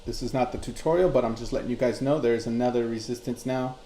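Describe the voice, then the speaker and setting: A man's voice: medium pitch, steady tone, fast talker, mellow, a little hiss or hum. A man hosting a live crypto chart class, reading chat messages aloud and explaining charts in a loose, conversational way. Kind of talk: live-streamed chart tutorial. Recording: roomy echo.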